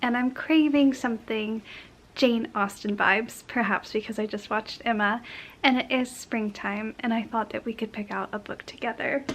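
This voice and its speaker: A woman with a slightly high voice talks softly and cozily to her viewers, sometimes slipping into a whisper. It's a casual lifestyle vlog. Faint traffic hum sits behind her. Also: fairly even intonation, moderate pace, rough recording. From Portland area, United States. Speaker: vlogger.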